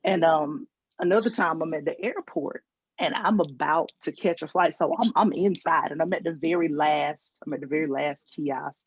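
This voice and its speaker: Her voice is low and breathy-edged, moderately paced, with no room sound. This Southern-accented Georgia comedian performs stand-up virtually, telling stories filled with acted-out quotes and self-mocking remarks, captured by a video call mic in dull lo-fi quality.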